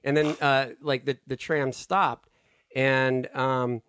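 A man telling a story in casual chat, halting and full of fillers. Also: medium pitch, little pitch movement, fairly bright tone, smooth.

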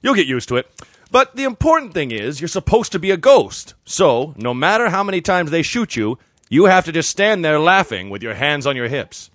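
A man's voice: a little high, very animated, normal speed, fairly bright tone, dry recording, clean studio sound. A man playing a tired middle-aged masked-hero father in a comedy sketch, coaxing and matter-of-fact.

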